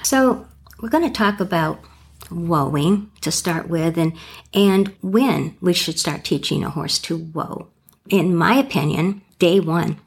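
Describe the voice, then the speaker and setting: Middle-aged lady co-hosting a horse podcast, low husky voice, folksy. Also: expressive, slow pace. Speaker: podcast co-host, horse trainer. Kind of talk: storytelling and casual podcast chat.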